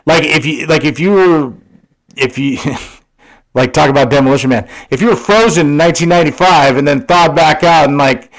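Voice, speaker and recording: A man's voice: fairly high pitch, normal speed, rough recording. A man in his forties co-hosting a podcast, rambling in casual chat with lots of fillers and swearing. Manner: rambling, profane, filler-heavy. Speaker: podcast co-host.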